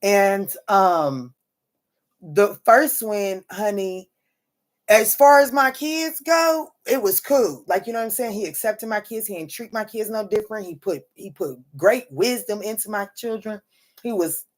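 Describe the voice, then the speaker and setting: A woman's voice: medium pitch, lively intonation, measured pace. A woman, a mother, hosts a casual tarot livestream and talks straight to her viewers. She speaks bluntly and swears freely, calling her listeners "honey" and "baby". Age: adult mother. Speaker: tarot reader.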